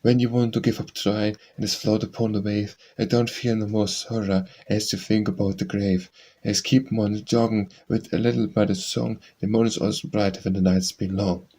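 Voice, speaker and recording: A man's voice: lowish voice, little pitch movement, normal speed, dark tone. A man reading poems aloud for an audiobook, reciting dialect verse in a rhythmic sing-song. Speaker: audiobook reader.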